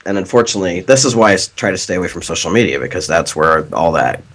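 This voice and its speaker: A man's voice: sits low, expressive, fast, fairly bright tone, slightly rough. A man co-hosting a podcast, blunt and wry, talking with incredulous humor. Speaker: podcast co-host. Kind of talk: casual conversation.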